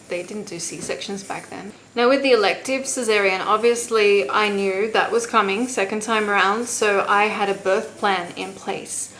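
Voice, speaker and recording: A woman's voice: mid-range voice, a bit bright, rough recording. A young woman vlogger telling a personal story in casual, candid talk, swearing freely and acting out what others said.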